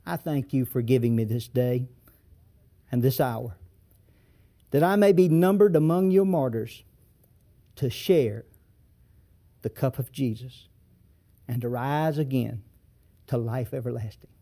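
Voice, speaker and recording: A preacher voicing a steadfast old bishop. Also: male voice, medium pitch, mellow. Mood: prayerful. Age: older. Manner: solemn, resolute, measured. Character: aged male bishop facing martyrdom, steadfast.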